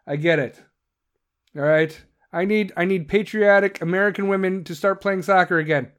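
A man's voice: high-pitched, fairly even intonation, normal speed, clean tone. A man from Chicago with a Chicago accent, hosting a podcast in a brash, profane, joking rant. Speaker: podcast host. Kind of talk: casual ranting monologue.

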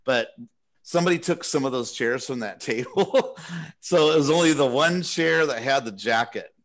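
A man's voice: mid-range voice, animated, moderate pace. A man from California hosting a podcast, telling a story in a rambling, self-deprecating way and laughing often. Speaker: podcast host. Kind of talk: casual storytelling among friends.

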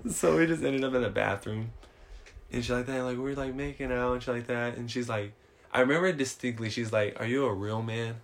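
A man's voice: mid-range voice, brisk, gravelly, slight background noise. Laid-back young man telling stories. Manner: laid-back, profane slang, laughs often. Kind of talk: casual storytelling chat.

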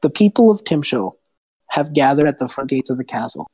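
A man's voice: medium pitch, expressive, brisk, dark tone, husky, no room sound. Man narrating a tabletop game. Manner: loose, chatty narration with fillers and asides. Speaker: game master.

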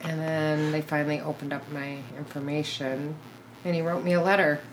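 Low-voiced blunt middle-aged woman. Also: little pitch movement, normal speed, a little hiss or hum, rough recording. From born in Korea, raised in Minnesota. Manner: candid, blunt, swears, laughs at herself. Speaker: podcast guest. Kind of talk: casual storytelling interview.

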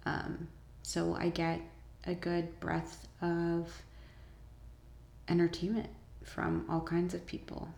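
Woman vlogger, casual chat full of ums and bursts of enthusiasm, slow pace, echoey room. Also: fairly low pitch, monotone, gravelly, a little mellow. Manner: chatty, lots of ums, enthusiastic asides. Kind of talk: casual chat about shows and books.

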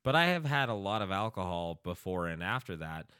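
A man's voice: sits low, sing-song, fairly quick, bright, forceful tone, clean tone, no echo, studio quality. A man co-hosting a podcast, rambling and swearing freely in crude casual chat, laughing often. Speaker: podcast co-host.

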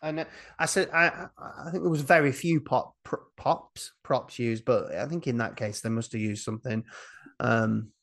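A man co-hosting a casual chat, retelling a film scene by scene in a rambling, jokey way, breaking into silly voices. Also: medium pitch. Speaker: podcast co-host recapping a film.

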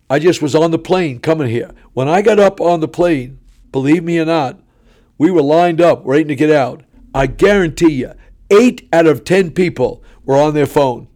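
A man in his seventies, a traveling preacher telling stories in a sarcastic, animated way that often climbs into shouting. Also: on the high side. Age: 70s.

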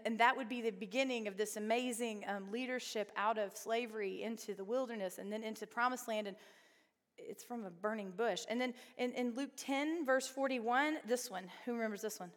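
Woman Bible study teacher, conversational, asks the group questions, reverberant hall. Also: medium pitch.

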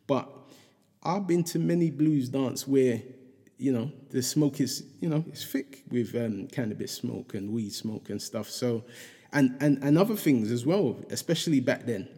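A man's voice: mid-range voice, warm tone, slightly rough, long reverb tail. A middle-aged man, chatting casually and reflectively, rambling with lots of fillers and restarts. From England.

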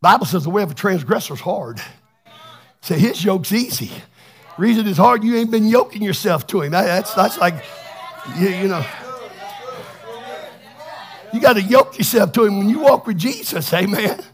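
A man preaching a fervent Pentecostal sermon, swinging from chatty asides to shouted bursts. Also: sits high, expressive, normal speed, pauses often, husky, some chatter behind. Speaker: pastor.

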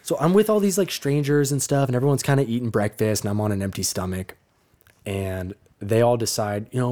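A young man co-hosting a podcast, telling a profane, animated story and laughing often. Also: medium pitch, fairly quick. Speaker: podcast co-host. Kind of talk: casual storytelling chat.

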